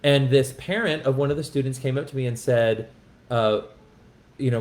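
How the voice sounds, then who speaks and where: A man's voice: mid-range voice, moderate pace. An impassioned man who teaches music, telling a personal story in a podcast conversation in an earnest way, often restarting his sentences. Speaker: music educator.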